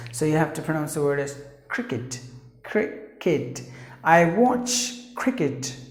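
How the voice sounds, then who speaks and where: A man teaching English pronunciation from India, who repeats each word slowly and stresses its sounds. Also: a little high. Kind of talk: slow, patient pronunciation lesson. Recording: roomy echo.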